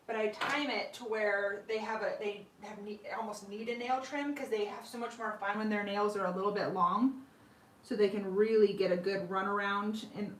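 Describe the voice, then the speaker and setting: A woman's voice: mid-range voice, fairly bright tone, a little hiss or hum. A woman host chatting casually on a live stream at home, talking fondly to her pets and laughing often. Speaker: sugar glider owner and channel host. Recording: roomy room with mic at a distance.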